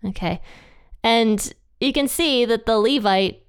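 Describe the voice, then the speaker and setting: Her voice runs on the high side, slow and smooth, as she teaches from a Bible passage. She tells the story like a chatty conversation, dropping into playful voices for the quotes.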